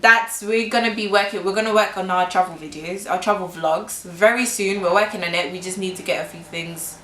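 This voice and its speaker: A young woman from Kenya co-hosting a casual vlog, talking in a chatty, animated way with lots of fillers. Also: mid-range voice, a little fast. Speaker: vlogger co-host. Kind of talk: casual chat. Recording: echoey room with faint noise.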